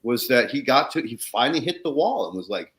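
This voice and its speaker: Blunt male guest, swears a lot, lively up-and-down delivery, casual storyteller. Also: mid-range voice, a little fast. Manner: animated, blunt, swears freely. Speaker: guest, soil consultant.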